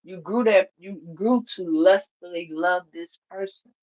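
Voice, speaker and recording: A woman giving a casual spiritual reading, blunt, profane and animated, laughing often. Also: lowish voice, measured pace, muffled recording. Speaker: tarot reader.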